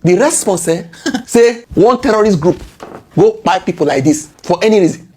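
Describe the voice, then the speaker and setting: A woman's voice: mid-range voice, lively intonation, moderate pace, a little mellow, husky. A woman with a Nigerian accent mixing in Pidgin, giving impassioned political commentary full of indignant rhetorical questions and repeated key words.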